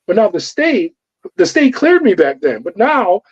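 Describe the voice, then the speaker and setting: A middle-aged man, a former corrections officer, telling his story in an interview with animated, profane delivery and acted-out dialogue. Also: high-pitched, unhurried, husky. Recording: dull lo-fi audio.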